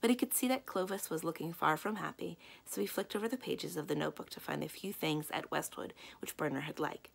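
A librarian reads a children's novel aloud in an easy storytelling manner. Her voice sits low with a gravelly fry, and she lifts it for the characters' lines. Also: brisk, few pauses. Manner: gentle storytelling, lifting her voice for dialogue. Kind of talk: children's book read-aloud.

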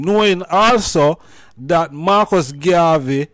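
A man interviews slowly and carefully, his questions broken by pauses and restarts. His voice sits somewhat high, and the sound is dry and close. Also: no echo. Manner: halting, many "um"s and restarts. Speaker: interviewer, host.

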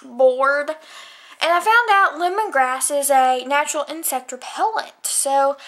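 Woman vlogger, young, high voice, slow, rambly venting at home. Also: a bit bright. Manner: rambling, complaining, lots of fillers. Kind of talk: casual chat to camera. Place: at home indoors at night.

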